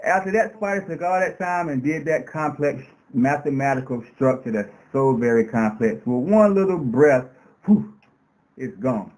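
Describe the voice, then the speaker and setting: Appearing as a guest on a radio show, a man speaks in an impassioned, preacher-like style, repeating words for emphasis and stacking long runs of rhetorical questions. His medium-pitched voice is a little mellow, with lively intonation, a moderate pace, and hardly any pauses. The recording is rough.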